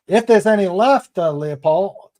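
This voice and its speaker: Guy hosting a chill stream, reads chat out slow, voice sits kinda high. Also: expressive, darkish tone. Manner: unhurried, chatty, laughs at jokes. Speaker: livestream host. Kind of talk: casual chat, reading viewer comments aloud.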